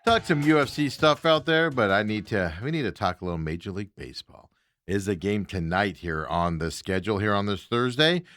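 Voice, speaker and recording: A man's voice: lowish voice, expressive, a little fast, fairly bright tone, no echo, studio quality. A man hosting a sports talk show, chatting in a loose, casual way with chuckling asides.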